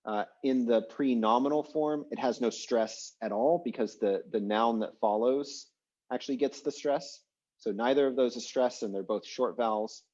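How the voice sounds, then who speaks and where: A man teaching an online language class, explaining in a relaxed, chatty way with lots of fillers over a video call. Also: mid-range voice, moderate pace, highs cut off. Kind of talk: casual online class lecture.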